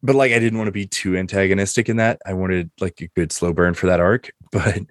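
A man who runs the game speaks loosely on a podcast, with many fillers. His voice sits low, and he is recorded dry and close. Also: steady tone, fairly quick, no echo. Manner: rambling, filler-heavy. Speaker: game master. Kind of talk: casual chat.

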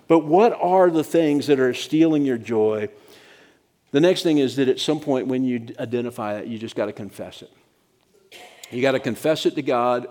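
A man's voice: fairly high pitch, darkish tone. A middle-aged man preaching a sermon as pastor, talking in a conversational, practical way and checking in with "right?" asides.

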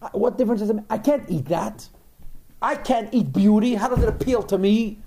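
A man's voice: high voice, fast, gravelly, dark tone, slight background noise. A man voicing a stubborn male goat in a class parable who only cares about food, blunt and puzzled. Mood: baffled. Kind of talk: storytelling in a class.

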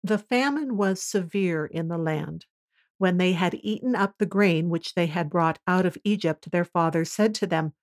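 A woman reading a scripture passage aloud in a solemn, measured way. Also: lowish voice. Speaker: scripture reader. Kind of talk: scripted narration.

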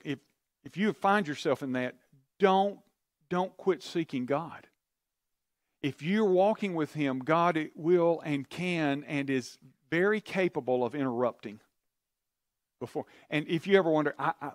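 A man's voice: fairly high pitch, dry recording, studio quality. Earnest male pastor telling a story. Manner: earnest, confiding, acts out prayers and quotes. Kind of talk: sermon storytelling.

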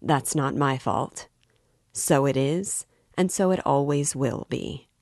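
A woman reading aloud, voicing a calm, brooding young man who answers in a measured way. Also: very deep voice, no echo, clean studio sound, heavily acted. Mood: cool.

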